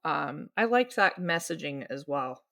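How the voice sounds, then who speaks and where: A woman's voice: sits low, expressive, measured pace, creaky, a bit bright. A woman co-hosting a book club podcast, chatting casually and reading aloud playfully, laughing easily. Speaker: podcast co-host.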